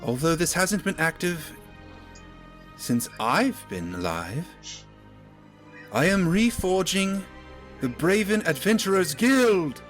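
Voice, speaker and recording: A commanding female town leader rallies her people in a tabletop game, as a man puts her on. Her oratory is slow and stately, pitched a bit higher and rising and falling with feeling. Faint music plays underneath. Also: very animated, heavily acted. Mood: stirring, solemn.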